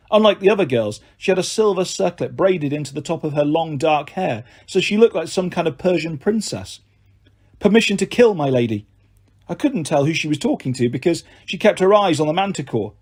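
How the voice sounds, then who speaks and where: A man narrating a first-person audiobook with an expressive, dramatic delivery. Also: fairly high pitch, husky.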